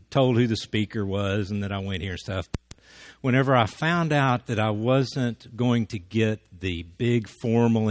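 Male guest speaker, low-pitched and folksy, tells anecdotes and acts out the quoted voices. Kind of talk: storytelling talk to a church audience.

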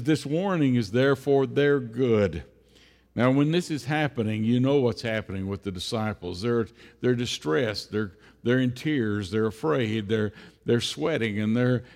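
A man preaching a sermon in a church, unhurried, repeating phrases and often pausing on "uh". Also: medium pitch, a little mellow. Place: church sanctuary. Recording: long church-hall reverb.

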